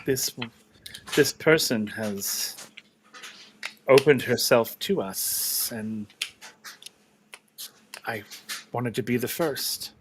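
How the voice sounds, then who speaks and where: A man voicing a soft, gentle female spirit, speaking tenderly and slowly with longing. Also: mid-range voice, background noise.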